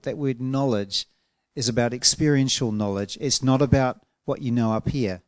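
A man preaching with earnest emphasis, leaning hard on key words and drawing some of them out slowly. His voice sits at an ordinary middle pitch. The sound is dry and close, with no room echo. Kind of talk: sermon.

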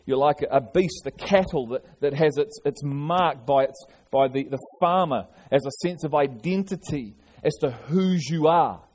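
Earnest preacher, fairly high voice. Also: male voice, moderate pace, a little mellow. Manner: earnest preaching with frequent restarts and repetitions. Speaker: pastor. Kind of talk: sermon.

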